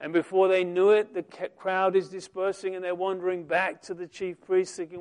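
A man preaching a sermon, reading scripture aloud and swelling loud and slow on the quoted lines. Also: high voice, flat delivery, smooth.

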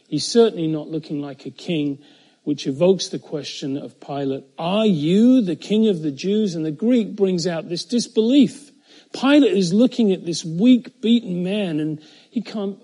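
Male preacher, fairly high warm voice, steady verse-by-verse teaching with emphatic slowdowns. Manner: measured, emphatic, slows on key phrases; occasional fillers and self-corrections. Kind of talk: expository Bible teaching.

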